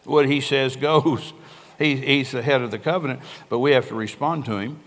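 A man's voice: medium pitch, fairly even intonation, moderate pace, a bit bright. Older male pastor preaching in a reverberant hall. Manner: earnest storytelling, conversational preaching with quoted dialogue. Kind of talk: sermon. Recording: long reverb of a large hall.

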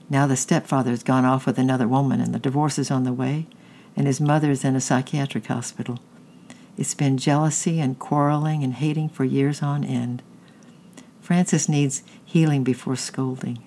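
A caring mother who speaks gently and explains things patiently, as a narrator puts her on. Her voice sits in a middling pitch, with a faint rumble underneath. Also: close to an everyday voice. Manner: gentle, reasoning.

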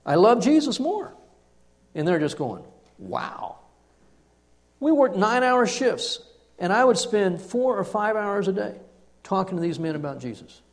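A male pastor with a high-sitting voice preaches a sermon at normal speed, sharing a personal story. His delivery is animated, dropping to a hush for emphasis.

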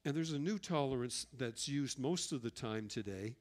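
A man's voice: mid-range voice, expressive, moderate pace. A middle-aged man preaching a sermon and telling personal stories earnestly. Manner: earnest storytelling with personal anecdotes. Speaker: pastor.

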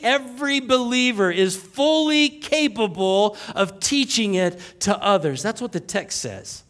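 High-voiced pastor preaching with rising emphasis. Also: male voice, lively intonation, unhurried, few pauses, a bit bright. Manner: repeats points, asks the congregation questions, jokes. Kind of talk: sermon.

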